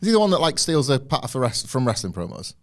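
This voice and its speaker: A man co-hosting a podcast, rambling through animated stories in casual chat. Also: medium pitch, fast talker. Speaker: podcast co-host.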